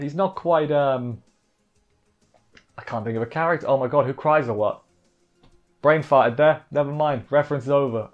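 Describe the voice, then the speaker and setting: A man talks through an anime episode in a loose, excitable way, at a middle pitch. He keeps breaking off and restarting his sentences. His voice comes through a slightly dull, lo-fi home recording. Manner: excitable, exasperated, self-interrupting. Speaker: anime reviewer. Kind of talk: casual episode recap review.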